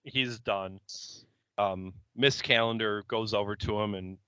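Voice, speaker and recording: A low-pitched man recaps an episode at a very slow, unhurried pace, his voice smooth and bright. The recording is dry but a little muffled and lo-fi. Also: no room sound. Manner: unhurried, plain scene-by-scene retelling. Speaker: podcast co-host. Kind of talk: casual episode recap chat.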